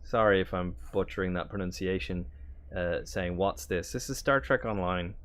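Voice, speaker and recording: A man streaming a game, chatting casually in a relaxed, halting way with many fillers. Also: low voice. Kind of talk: casual gameplay chat.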